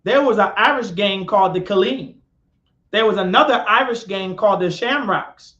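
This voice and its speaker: This male class instructor has a high-pitched, sharp voice and a moderate pace as he teaches a live-streamed lecture. He repeats himself, questions the audience, and calls on listeners. The audio is echoey, dull, and lo-fi.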